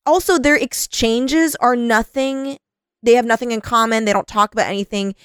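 A young woman co-hosting a podcast in casual chat, animated, swearing often and laughing a lot. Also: on the high side, normal speed, clear, resonant tone, no room sound, studio quality. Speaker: podcast co-host.

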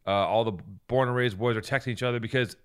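A man in a loose podcast chat, swearing freely as he tells his story. His voice sits at an everyday middle pitch for a man. He jumps into louder, higher bursts when he acts out the rush. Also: quick pace, clear, resonant tone. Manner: profane, animated storytelling. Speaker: podcast co-host. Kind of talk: casual chat.

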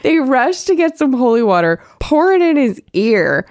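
A young woman co-hosting a casual chat, animated, laughing often and acting out quotes. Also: high voice, normal speed, dry recording, clean studio sound. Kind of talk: casual chat recapping a story.

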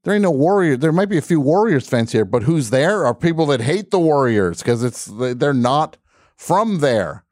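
A man's voice: on the high side, big pitch swings, moderate pace, darkish tone, no room sound, studio quality. A man hosting a call-in radio show, telling a comic story in an exasperated, grumbling rant full of mock outrage.

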